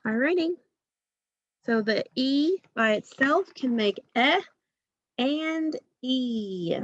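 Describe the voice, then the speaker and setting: A woman's voice: sits high, animated, slow pace, no echo, muffled recording. A woman teacher giving a phonics lesson to young children, patient and drawing out each sound.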